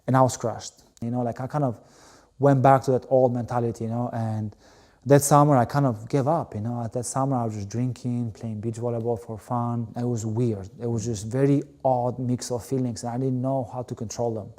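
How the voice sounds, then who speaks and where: This Albanian man, once a volleyball player, speaks a little fast in a level, mid-range voice with a darkish tone. As a guest in an interview, he tells his story with animated emphasis, leaning heavily on "you know" and repeating words.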